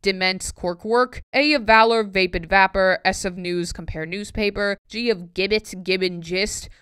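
Woman, poem read aloud, halting word by word, self-correcting, very smooth clear voice, dry close sound. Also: medium pitch, steady tone, a bit bright, dry recording. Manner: halting word-by-word reading, stumbling and self-correcting with wry asides. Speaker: YouTuber. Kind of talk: reading a pronunciation poem aloud.

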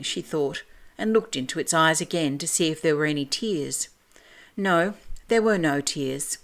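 A woman reading a classic children's story aloud in a clear, measured, expressive way. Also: sits low.

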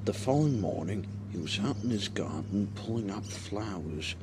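Man, children's story narrator, low voice, animated pitch, slow pace. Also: very noisy. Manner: slow, expressive, asks the listener questions.

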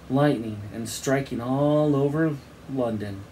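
A man's voice: medium pitch, normal speed, a little mellow, slight background noise. A man teaching, reading a children's book aloud expressively and acting out the sound effects, then giving his class an assignment.

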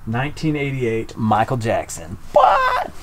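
A man filming an excited unboxing vlog in a small storage unit, calling out finds to viewers. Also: medium pitch, normal speed, heavy background noise. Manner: addresses viewers as y'all, gasps and exclaims.

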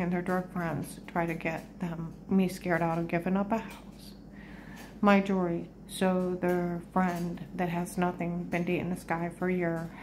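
A woman delivers a personal monologue that rambles and loops back on itself, agitated and insistent. Her pitch sits in an ordinary middle range, yet her intonation stays strikingly flat. She talks to her viewers like she's laying out a grievance. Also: slight background noise, rough recording.

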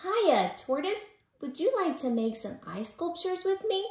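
A woman's voice: high-pitched, slow pace, voice pushed up. Woman doing an eager bouncy rabbit. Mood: excited. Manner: bouncy, excited. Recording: roomy echo.

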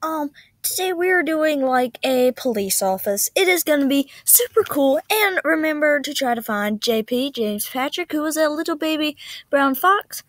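Young female game vlogger, high voice, rambling ums, dry close mic. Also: no room sound. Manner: chatty, many ums and likes. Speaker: game video host. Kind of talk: casual gameplay narration.

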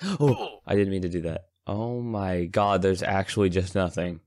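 A man's voice: low voice, fairly even intonation, normal speed, darkish tone, no room sound. Jumpy young man gaming, dry mic. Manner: jittery, frightened, repeats pleas. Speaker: gamer streamer. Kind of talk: let's play commentary.

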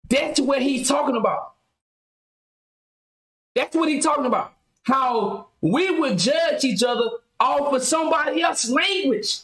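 A man's voice: very high voice, lively intonation, a little slow, a bit bright, reverberant, poor audio. A man hosting a casual podcast, talking in an emphatic, riled-up way. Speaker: podcast host.

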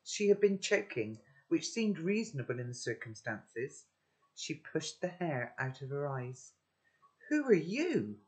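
A man's voice: mid-range voice, animated, measured pace. A man teaching children, recapping the story with friendly tag questions and then reading a chapter aloud.

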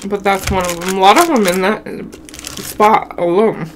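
A woman's voice: mid-range voice, moderate pace. Young woman from Wyoming, casual vlogger voice, chatty storyteller who laughs a lot, faint hiss in the recording. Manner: chatty, addresses viewers as y'all, laughs often. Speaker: mukbang vlogger.

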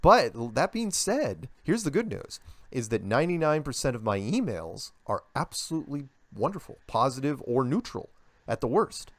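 An older man, a guest in a casual interview, telling stories in an animated way and acting out the voices he quotes. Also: medium pitch, moderate pace, dry recording.

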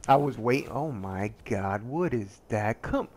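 Speaking a little slowly in a mid-range voice, this man offers loose, joking commentary on a survival game he's playing. He pokes fun at himself, drifts off topic easily, and yelps excitedly when attacked.

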